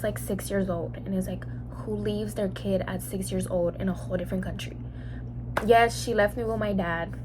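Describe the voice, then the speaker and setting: A young woman from Mexico talks through a long personal story in a relaxed, chatty way. She fills her sentences with "like" and acts out the lines people said to her. Her voice sits at an ordinary pitch, with a faint hum behind it. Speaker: mukbang vlogger. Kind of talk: casual storytime monologue.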